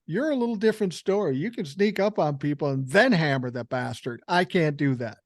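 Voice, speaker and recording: An older man hosts a podcast in a relaxed, blunt way, swearing freely and stumbling over the first words of a thought. His voice sits a little high for a man and sounds dry and close to the mic. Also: fairly quick, no echo. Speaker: podcast host. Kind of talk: casual conversational interview.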